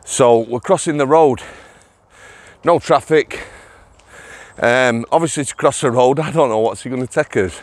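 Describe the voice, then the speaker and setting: A man's voice: mid-range voice, unhurried, long pauses, dry recording. A middle-aged man, chatting to viewers on an outdoor walking vlog, laughing and addressing them directly. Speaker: vlogger, former prison officer. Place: outdoors on a walk.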